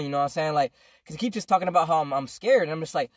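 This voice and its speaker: Young man, fast rambling storyteller, slangy and profane, dry close sound, casual vlog. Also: a little high, no room sound. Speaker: vlogger.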